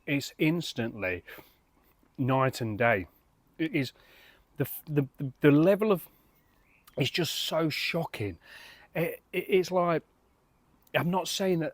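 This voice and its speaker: A man's voice: a little high, no echo. A man, casually reviewing beer in a rambling way, full of fillers and restarts.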